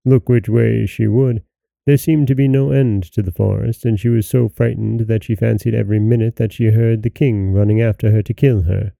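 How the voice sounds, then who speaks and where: A man narrating a fairy tale in a steady, measured storytelling manner. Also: fairly low pitch, creaky, no echo.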